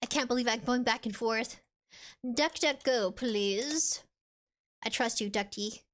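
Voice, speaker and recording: A woman's voice: fairly high pitch, a little slow, a bit bright. A woman streamer chatting casually with viewers, reading out chat and game text in a playful, rambling way. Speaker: VTuber streamer.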